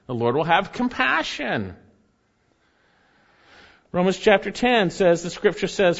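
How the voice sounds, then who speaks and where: A man's voice: high voice, lo-fi sound. A man preaching a sermon in an earnest, emphatic way, often repeating his phrases. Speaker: pastor.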